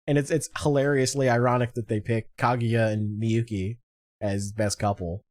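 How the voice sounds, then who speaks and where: Animated man hosting a podcast. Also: medium pitch, moderate pace. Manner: animated, swearing, goes through a list of awards. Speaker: podcast host. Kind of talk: casual chat.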